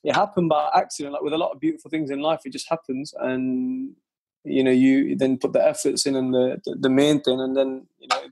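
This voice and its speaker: Husky young man. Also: mid-range voice, little pitch movement, brisk, a little mellow. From Leicester, England. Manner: laid-back, swears and laughs often, slangy. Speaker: guest lyricist. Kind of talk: casual interview chat.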